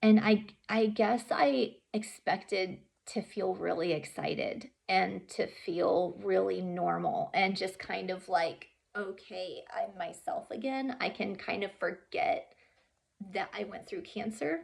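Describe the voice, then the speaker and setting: A young woman talking earnestly and haltingly about her own experience, with many pauses and fillers and some softly whispered words. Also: medium pitch, creaky. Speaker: vlogger sharing her story. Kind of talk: emotional personal storytelling.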